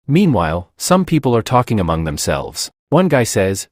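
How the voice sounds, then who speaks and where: A man narrating a comic story recap in a brisk storytelling manner. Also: lowish voice, huge pitch swings, no echo, clean studio sound.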